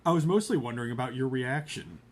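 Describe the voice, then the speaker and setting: A man's voice: mid-range voice, lively intonation, quick pace, close to an everyday voice. A man reading the lines of a prickly teenage girl in a plain reading voice.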